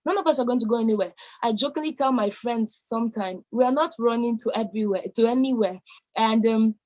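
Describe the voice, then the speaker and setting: A woman's voice: on the high side, brisk, lo-fi sound. A woman with a Nigerian accent giving an emphatic motivational talk to young people, stressing key words by repeating them. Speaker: conference speaker addressing young people.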